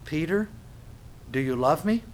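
A man preaching a sermon on scripture, animated, acting out little dialogues and often laughing. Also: fairly high pitch, unhurried, a little hiss or hum.

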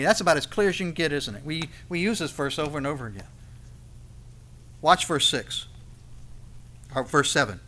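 A man preaching a sermon, swinging between loud emphasis and soft, intimate passages. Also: a little high, normal speed, pauses often.

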